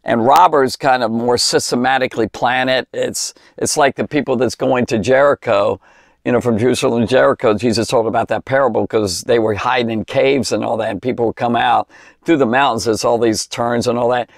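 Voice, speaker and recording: A man's voice: medium pitch, steady tone, a little fast, creaky, no room sound, clean studio sound. A man giving an informal, folksy Bible teaching for children, rambling and breaking into emphatic exclamations.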